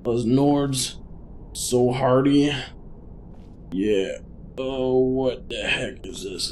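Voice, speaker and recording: Slow, chatty man narrating gameplay. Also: medium pitch, fairly even intonation, darkish tone, a little hiss or hum. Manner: chatty, thinks aloud while playing. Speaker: gaming channel host. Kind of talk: let's play commentary.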